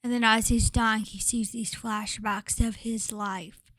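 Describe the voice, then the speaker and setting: A woman's voice: fairly high pitch, level tone, a little slow, fairly bright tone, no room sound. Woman vlogger gushing and rambling, keeps dropping to a whisper, dry close sound. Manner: rambling with frequent fillers and restarts. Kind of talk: casual vlog commentary.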